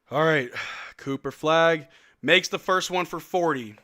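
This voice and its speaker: A man hosting a live stream watch-along, giving excitable play-by-play of the game with slang and calling out to his chat from an indoor room. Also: fairly high pitch, normal speed, slight background noise.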